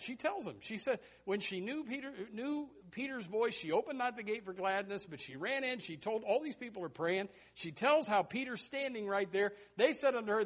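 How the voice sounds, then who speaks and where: A man preaching a sermon in a folksy, animated way, full of rhetorical questions and chuckling asides. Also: sits high, normal speed.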